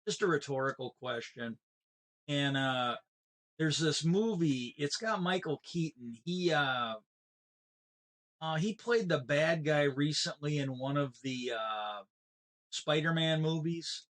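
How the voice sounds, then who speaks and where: Folksy rambling streamer man, higher voice. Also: animated, takes it slowly, fairly bright tone. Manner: rambling storytelling with folksy sayings; chats with viewers by name. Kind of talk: casual chat while gaming.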